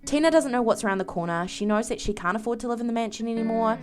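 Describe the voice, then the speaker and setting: A woman narrating a life-sim game story with animated, dramatic flair. Her voice is fairly high. Soft guitar music plays faintly in the background. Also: very fast. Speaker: game video creator. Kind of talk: story narration over gameplay.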